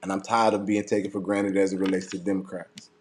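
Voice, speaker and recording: A man's voice: low-pitched, flat delivery, quick pace. Man, angry political rant, swears a lot, repeats lines to drive points home. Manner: heated, profane, repeats himself for emphasis. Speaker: political commentator.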